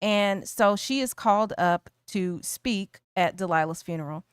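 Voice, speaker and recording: Woman, podcast co-host, animated retelling, smooth clear voice, dry close sound. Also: medium pitch, measured pace, no echo. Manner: animated storytelling, acts out characters' lines. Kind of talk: casual film discussion.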